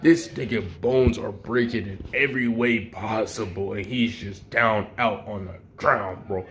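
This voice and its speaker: A man's voice: lowish voice, fairly even intonation, a little slow, a bit bright, slight background noise. A young man casually retelling a fan story in heavy slang, rambling, swearing and making sound effects.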